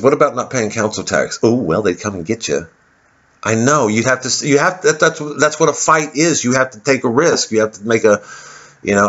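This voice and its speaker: A man's voice: lowish voice, a bit bright. A male comedian delivering a rambling, sardonic monologue, cursing freely and drifting from topic to topic. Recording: dull lo-fi recording.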